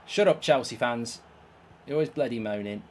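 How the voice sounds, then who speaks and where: A man's voice: mid-range voice, normal speed, a little hiss or hum. A man with a heated, swear-filled delivery, hosting video game commentary. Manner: exasperated, swears often. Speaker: host.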